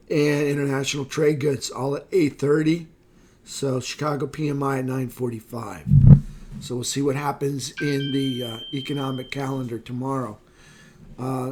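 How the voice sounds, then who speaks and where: A man with a slightly hoarse voice talks through a daily market recap in a relaxed, off-the-cuff way. He thinks aloud, fills pauses with "uh" and corrects himself as he goes. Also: medium pitch, a little hiss or hum. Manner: casual, thinking aloud with fillers and self-corrections. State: slightly hoarse, losing his voice. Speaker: market analyst. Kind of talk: screen-share market recap.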